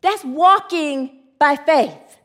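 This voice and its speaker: Speaking extremely slowly, a woman with a high, fairly bright voice preaches to her congregation using call and response. Her manner is earnest, and she tells stories that include acted quotations.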